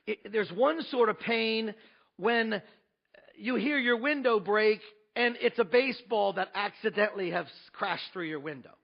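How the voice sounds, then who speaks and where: Emphatic pastor with a gravelly high voice. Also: male voice, unhurried, highs cut off. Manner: emphatic, rhetorical questions, swings between loud and hushed. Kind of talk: sermon.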